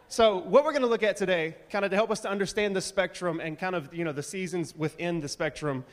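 Chatty pastor. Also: male voice, high-pitched, quick pace, hardly any pauses. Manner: chatty, slangy, animated asides. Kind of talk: casual sermon. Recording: reverberant church hall.

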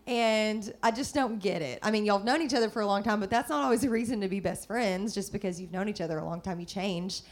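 A middle-aged woman, chatting warmly and upbeat with lots of fillers in a faith-based talk. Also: medium pitch, brisk. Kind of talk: casual faith-based chat.

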